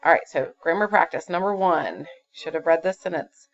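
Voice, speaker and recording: A woman's voice: fairly low pitch, a little fast, hardly any pauses. A woman teaching a fifth-grade grammar lesson, patient and explaining step by step with fillers. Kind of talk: recorded classroom grammar lesson. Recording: dull lo-fi computer recording.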